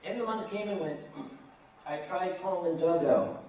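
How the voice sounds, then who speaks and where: A man's voice: high-pitched, moderate pace, a little mellow, a little hiss or hum. A man telling a comic story live to an audience in a large hall, with a wry, dry delivery. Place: large convention hall, indoors. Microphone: camera at a distance from the stage. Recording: echoey hall from far off.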